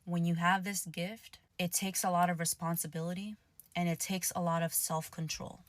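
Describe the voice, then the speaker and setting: A woman giving calm, steady, instructive advice about a spiritual gift. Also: fairly low pitch, moderate pace, dry recording.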